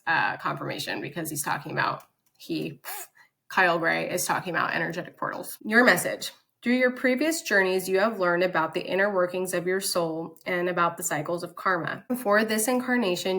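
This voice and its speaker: Young woman, slightly low voice, chatty, enthusiastic, casual card reading, reads text aloud. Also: creaky, fairly bright tone. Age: young adult. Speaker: spiritual content creator.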